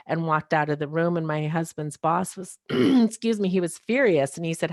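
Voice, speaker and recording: A woman's voice: low-pitched, normal speed, few pauses, a little mellow, no echo, studio quality. A woman, a podcast guest, telling a personal story, often quoting others and laughing now and then. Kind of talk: personal testimony.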